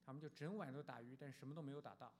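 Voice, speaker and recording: A man interpreting a sermon phrase by phrase, quick and halting, with fillers. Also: medium pitch, darkish tone.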